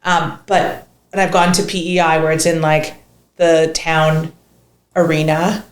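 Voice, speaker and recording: A woman co-hosting a podcast, telling stories in an animated, excitable way. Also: low voice, measured pace. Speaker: podcast co-host. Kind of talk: casual chat. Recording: echoey room with faint noise.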